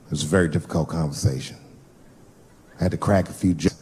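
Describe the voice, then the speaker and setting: A man's voice: extremely low pitch, steady tone, fast, pauses often, dark tone. A man performing a stand-up routine, telling stories with sudden yelps and drops in his voice, on a noisy live stage recording. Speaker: stand-up comedian.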